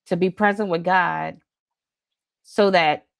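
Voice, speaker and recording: A woman host with a lowish voice speaks slowly and reflectively on a faith podcast, affirming her guest as she goes. The recording is close and dry. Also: steady tone, gravelly, smooth, no echo.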